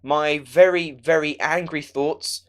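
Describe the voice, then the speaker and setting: A man's voice: on the high side, steady tone, takes it slowly, fairly bright tone. A young man ranting sarcastically in a film review vlog.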